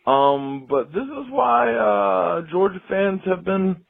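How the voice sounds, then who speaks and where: A man's voice: sits high, slow pace, creaky. A man leaving a rambling voicemail as a caller, swearing and self-pitying. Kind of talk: voicemail rant. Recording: tinny phone line.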